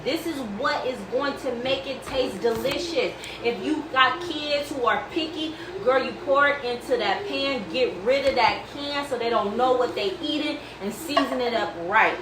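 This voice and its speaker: A woman's voice: on the high side, roomy sound, far from the mic, background noise. A woman hosting a casual home cooking video, chatty and reassuring, calling the viewer baby. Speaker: cooking vlog host. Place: home kitchen.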